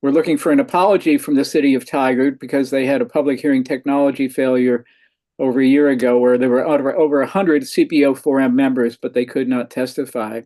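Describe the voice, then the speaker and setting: A man giving his community group's update at a meeting as a brisk run through a list of items. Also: mid-range voice, fairly even intonation, dark tone.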